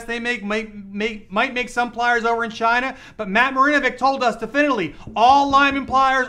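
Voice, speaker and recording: A man co-hosting a live stream, upbeat and excitable, chatting casually with plenty of fillers. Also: extremely high pitch, smooth. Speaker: livestream co-host.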